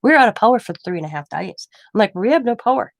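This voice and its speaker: A woman's voice: medium pitch, lively intonation, fast, creaky, no echo. A middle-aged woman chatting at home, telling stories and acting out what people said, laughing often. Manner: chatty storytelling, acting out quoted lines; laughs often mid-sentence. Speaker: craft vlogger. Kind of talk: casual chat.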